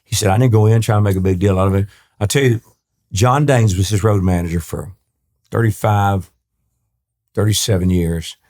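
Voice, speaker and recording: A man's voice: on the low side, normal speed, pauses often, a little mellow. Man from East Texas telling rambling stories. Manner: rambling anecdotes, acts out quoted voices, many restarts. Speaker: guest, country singer. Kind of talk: storytelling interview talk.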